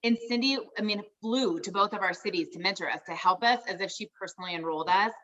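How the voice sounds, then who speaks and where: An upbeat woman hosts a team call, gushing about her guest with a bright, forceful voice. She sounds a little away from the mic, and the audio is dull and lo-fi as if it came over a video call. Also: mid-range voice, quick pace, far from the mic. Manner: gushing, upbeat, says "you guys" often. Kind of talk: enthusiastic team call introduction.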